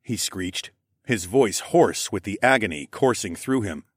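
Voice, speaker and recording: Low, lively male audiobook narrator. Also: measured pace, husky, no echo, studio quality. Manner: dramatic, expressive reading. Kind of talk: first-person fantasy audiobook narration.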